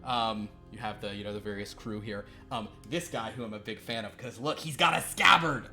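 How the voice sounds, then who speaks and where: A man's voice: lowish voice, fairly quick, sharp tone, faint music behind. A man narrating a tabletop role-playing game as game master, playful and rambling with frequent restarts. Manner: playful, rambling, self-correcting.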